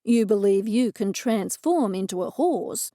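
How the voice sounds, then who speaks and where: A woman voicing a male detective who speaks slowly, calmly and reasonably. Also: mid-range voice, no echo, clean studio sound, lightly acted. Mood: reasonable. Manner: slow, soothing, reasonable. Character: calm, unflappable male detective.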